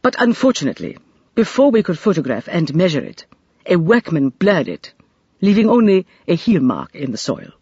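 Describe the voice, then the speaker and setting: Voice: mid-range voice, very animated, moderate pace, a little mellow, breathy edge, no echo, highs cut off. A narrator voicing a reserved male police inspector with a clipped English accent in an audiobook.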